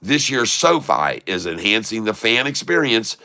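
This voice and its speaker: A man's voice: fairly low pitch, big pitch swings, moderate pace, creaky, bright, forceful tone. A man from the United States hosting a casual stock market livestream, joking and folksy, often calling his viewers folks.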